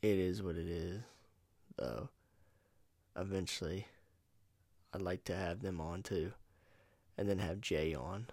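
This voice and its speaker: A man from North Carolina hosting his own podcast, talking in a loose, rambling way and cursing freely. His voice sits low, and the USB mic at home gives it a close, dry sound with no room echo. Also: steady tone, slow, long pauses, a little mellow. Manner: rambling, profane, laid-back. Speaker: podcast host. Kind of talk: casual solo podcast monologue. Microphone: USB microphone.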